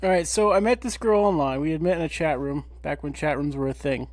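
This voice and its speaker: Guy in his 30s telling a wild story, kinda high voice, swears a lot, dry close mic. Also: fast, no room sound. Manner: animated, profane, acts out quotes. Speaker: podcast co-host. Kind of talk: casual storytelling.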